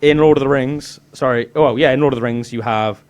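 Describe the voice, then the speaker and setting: A young Englishman co-hosting a podcast in casual, animated chat, often slipping into put-on voices. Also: mid-range voice, quick pace. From England. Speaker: podcast co-host.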